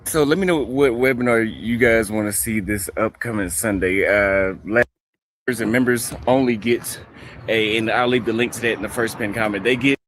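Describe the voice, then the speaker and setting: A man's voice: on the low side, normal speed, fairly bright tone, a little hiss or hum. A man narrating his day in a casual travel vlog, in a conversational, matter-of-fact manner. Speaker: travel vlogger.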